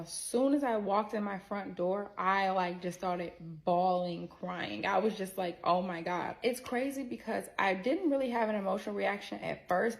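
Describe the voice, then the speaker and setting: A woman tells a personal story to her viewers in a chatty, expressive way. Her voice carries a gravelly vocal fry and sits at a middle pitch. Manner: works in healthcare. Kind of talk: casual story-time monologue.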